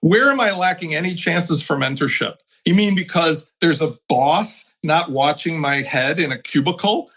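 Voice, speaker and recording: A man's voice: on the high side, lively intonation, normal speed, few pauses, a bit bright, low-quality recording. A man on a tech podcast panel, talking in a blunt, combative, emphatic way. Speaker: regular panelist. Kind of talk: opinionated round-table chat.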